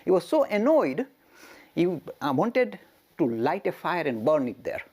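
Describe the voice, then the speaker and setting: A man giving a storytelling lecture as a religious teacher, animated and chuckling, with rhetorical questions. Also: a little high, unhurried.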